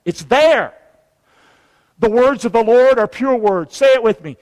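A man's voice: very high-pitched, lively intonation, a little slow, long pauses, a little mellow, in a large hall. A man, a pastor preaching a sermon with call-and-response to his congregation. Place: church sanctuary.

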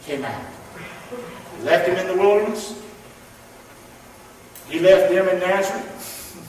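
Male pastor, high voice, call-and-response sermon, distant and roomy, reverberant sanctuary. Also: expressive, measured pace. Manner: call-and-response preaching, swings from loud to hushed. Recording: echoey hall from far off.

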